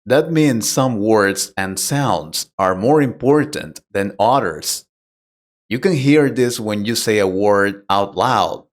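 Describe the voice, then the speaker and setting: A man's voice: fairly low pitch, expressive, takes it slowly. A man teaching a pronunciation lesson, explaining plainly and patiently and putting direct questions to the learner. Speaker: English teacher. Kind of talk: slow, deliberate English lesson.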